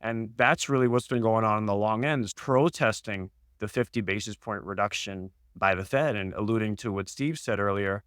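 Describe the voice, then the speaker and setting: A man speaking as an economist on a podcast, reading off job figures in a steady, data-heavy way. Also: on the low side, clear, resonant tone, no echo, studio quality. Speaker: senior economist. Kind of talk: podcast market discussion.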